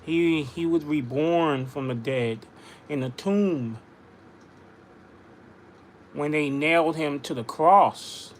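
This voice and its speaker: A man's voice: on the high side, slow pace, long pauses, slight background noise. A man insistently arguing his point in casual livestream talk, repeating himself. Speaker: livestream host.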